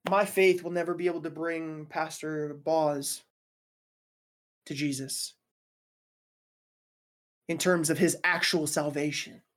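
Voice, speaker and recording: A woman's voice: sits low, fairly even intonation, slow, long pauses. Joking, slangy woman preacher. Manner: conversational, joking, slangy asides. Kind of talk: casual sermon.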